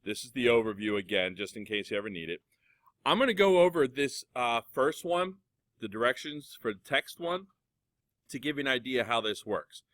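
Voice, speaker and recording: A middle-aged male music teacher walking students through software in a casual, chatty way. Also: mid-range voice, big pitch swings, moderate pace, dry recording. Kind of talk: classroom software tutorial. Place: computer lab classroom.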